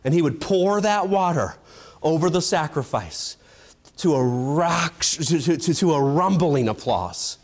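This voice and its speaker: A man preaching an evangelistic sermon, building to loud shouted passages and then dropping to a low, quiet delivery. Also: expressive, measured pace.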